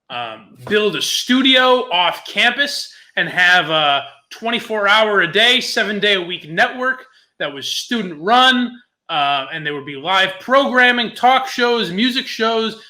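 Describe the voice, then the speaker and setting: Casting note: young male podcast host, high bright voice, loose laughing storyteller. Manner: laughs often, swears, animated retelling. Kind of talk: casual storytelling chat.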